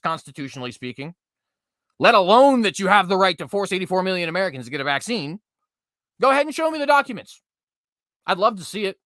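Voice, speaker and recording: A young man in his twenties runs a political commentary show, reading headlines aloud and mocking them. His voice sits a bit high and swings widely, with loud sarcastic bursts. The sound is close and dry. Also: dry recording. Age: 20s. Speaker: commentary host.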